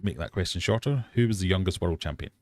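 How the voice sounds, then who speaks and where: A fairly low-pitched English man hosting a casual live quiz. He chats easily, mocks himself and wanders off on tangents before reading the next question. The sound is close and dry. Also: lively intonation, fast, a little mellow, no echo. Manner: chatty, self-mocking, easily sidetracked, bursts into silly sung bits. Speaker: host of a live quiz hangout.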